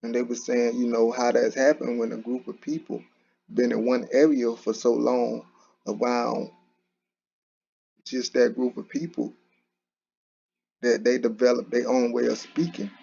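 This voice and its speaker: In a dull lo-fi recording, a man hosting a commentary channel talks through a casual, conversational monologue, with frequent restarts and many a "you know". He speaks unhurriedly in a steady, medium-pitched voice that's creaky, mellow, and breathy-edged, pausing often.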